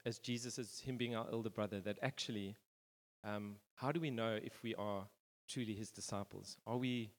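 A man preaching a casual, rambling sermon, full of fillers and restarts. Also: mid-range voice. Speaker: pastor. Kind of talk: conversational sermon. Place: church hall. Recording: reverberant church hall.

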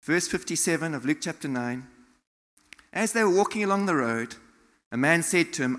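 A man from South Africa preaching a sermon in a church, animated, acting out quotes and laughing often. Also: a little high, normal speed. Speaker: pastor. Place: church hall. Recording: long hall reverb.

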